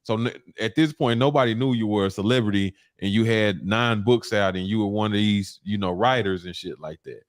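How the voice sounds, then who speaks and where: Lower-voiced male host, halting and dry. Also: no echo. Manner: halting, repeats words, shouts out viewers. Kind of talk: casual interview.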